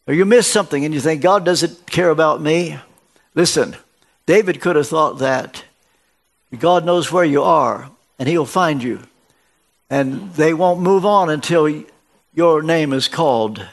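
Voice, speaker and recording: An older man preaching a sermon as a guest in a church, telling stories and acting out the dialogue in them. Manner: storytelling, acts out dialogue with shifts of pitch.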